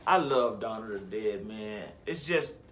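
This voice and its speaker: A man's voice: fairly low pitch, expressive, measured pace, fairly bright tone, a little hiss or hum. A young man chatting casually about his favorite movies, rambling and slangy, correcting himself as he goes. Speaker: vlogger. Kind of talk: casual movie list chat.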